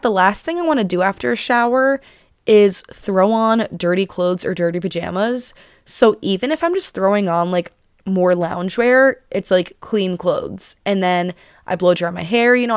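A woman's voice: medium pitch, animated, moderate pace, clear, resonant tone, dry recording. A bubbly young woman in her twenties hosting her own podcast, chatting with lots of fillers and little giggles. She sounds slightly out of breath. The sound is dry and close to the mic. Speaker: podcast host. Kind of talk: casual chat.

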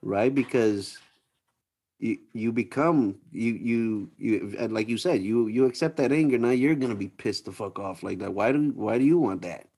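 A man's voice: fairly low pitch, moderate pace, a little mellow, breathy edge. A man chatting casually on a podcast, laid-back and swearing freely. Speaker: podcast co-host. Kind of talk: casual chat.

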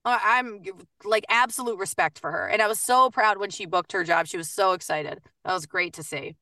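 Bright, upbeat woman, chatty coach type, fast bursts, dry but slightly distant mic. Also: mid-range voice, no room sound. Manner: chatty, upbeat, quick bursts with many fillers. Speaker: voice actor and coach. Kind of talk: casual podcast interview.

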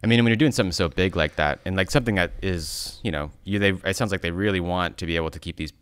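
A man's voice: low-pitched, fast, fairly bright tone, clean tone, no echo. A man hosting a casual conversation, easygoing, asking questions and giving frequent affirmations.

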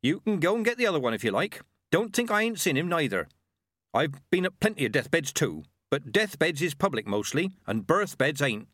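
A man's voice: a little high, very animated, brisk, dry recording, clean studio sound, voice pushed up. A man voicing a blunt, stubborn old village witch and midwife with folksy, rustic speech. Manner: folksy rustic grammar, sharp and feisty.

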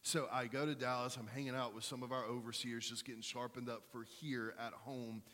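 A man's voice: medium pitch, flat delivery, brisk, a bit bright. A man in his thirties, a pastor preaching a sermon, telling a personal story in a casual, conversational way with self-deprecating humor. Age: 30s. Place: large church hall. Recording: long hall reverb.

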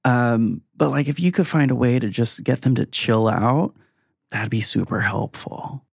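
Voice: mid-range voice, unhurried, creaky, slightly rough, dry recording, studio quality. A game master playing a cheerful, easygoing male cult leader who talks in a laid-back, noncommittal way, often with little laughs.

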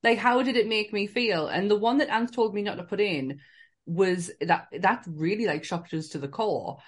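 A woman with a Northern English accent co-hosting a podcast, animated, laughing often and swearing casually. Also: medium pitch, moderate pace, slightly rough. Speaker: podcast co-host. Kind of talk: casual chat.

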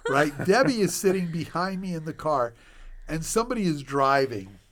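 Guest, male, 60s, slightly high voice, animated podcast storyteller. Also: normal speed. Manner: animated storyteller with sound effects. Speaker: guest physician.

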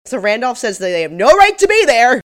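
A woman's voice: on the high side, big pitch swings, fairly quick. A woman co-hosting a podcast, chattily walking through a TV episode's plot with amused asides. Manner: chatty, frequent "like" fillers, amused. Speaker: podcast co-host. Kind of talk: casual episode recap chat.

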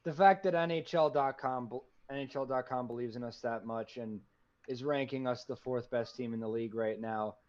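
A man's voice: mid-range voice, steady tone, normal speed, a little mellow. A man co-hosting a podcast in casual sports chat, rambling with many fillers like "you know". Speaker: podcast co-host. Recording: dull lo-fi recording.

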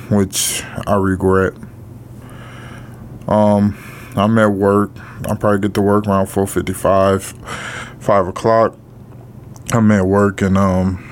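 A middle-aged man with a low voice tells a personal story slowly, pausing often and leaning on fillers. His talk is blunt and sprinkled with casual swearing. A faint noise sits under the recording. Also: a little mellow. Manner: halting, with frequent pauses and fillers. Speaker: podcast co-host.

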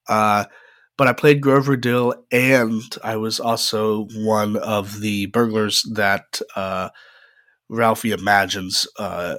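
A young man hosts a podcast, telling rambling personal stories in a chatty solo style full of "uh" fillers. His voice is lowish and a bit bright, recorded with clean studio sound and no echo.

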